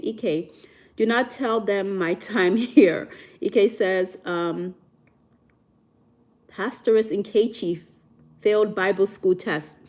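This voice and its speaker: Young woman from Nigeria, livestream host; chatty, animated, reads chat aloud. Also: mid-range voice. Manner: chatty, reads out viewer comments, animated reactions. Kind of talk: casual livestream chat, reading comments aloud.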